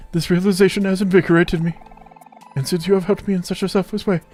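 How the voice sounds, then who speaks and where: A man's voice: high-pitched, a little mellow, pitched above the performer's own voice. A man voicing a proud, theatrical male rogue planet who speaks formally and grandly. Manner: pompous, theatrical, formal speech.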